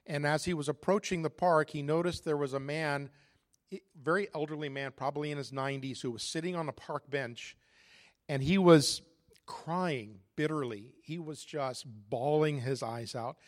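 A man's voice: a little high, moderate pace. A man giving a sermon at a conference, talking in a conversational, joking way with frequent fillers. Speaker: conference speaker. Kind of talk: sermon with prayer and humor.

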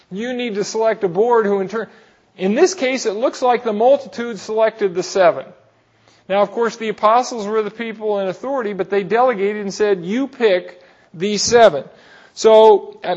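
A man's voice: sits high, darkish tone, lo-fi sound. A man preaching an expository Bible sermon, explaining the text verse by verse with asides and light laughs. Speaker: pastor.

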